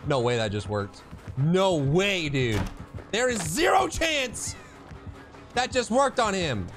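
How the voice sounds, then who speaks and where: Excitable high-voiced man commentating a game. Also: slow pace, faint music behind. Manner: excitable, swinging from mutters to shouts; banters with the opponent, teasing. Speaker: gameplay commentator. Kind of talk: live gameplay commentary.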